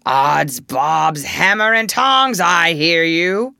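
A woman voicing a cheeky boy who mimics a pirate captain, mocking and booming. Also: lively intonation, slow, vocal fry, bright, forceful tone, dry recording, studio quality, heavily acted.

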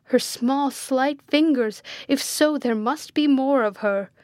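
A woman voicing a blind, commanding and desperate gentleman in an audiobook, speaking with impassioned, imperious urgency. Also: a little high, fairly even intonation, measured pace, no echo, studio quality, close to an everyday voice. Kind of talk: audiobook character reading.

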